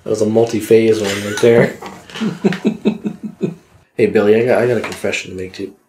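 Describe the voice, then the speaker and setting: A man's voice: fairly low pitch, steady tone, moderate pace, warm tone, echoey room, a little hiss or hum. A man co-hosting a casual comedy chat, joking, swearing and laughing often. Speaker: podcast co-host.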